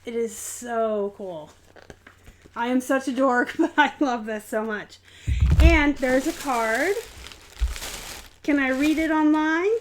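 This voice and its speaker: A young adult woman hosting a live stream, excitedly unboxing a gift and chatting casually to viewers with frequent giggles. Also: sits high, a little hiss or hum. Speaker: host of a reselling channel, live show.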